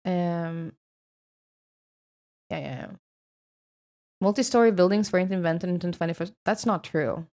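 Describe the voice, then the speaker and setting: A woman's voice: on the low side, unhurried, pauses often, darkish tone. A young woman from Sweden with a Swedish accent, chatting casually with her stream viewers, swearing freely and laughing often.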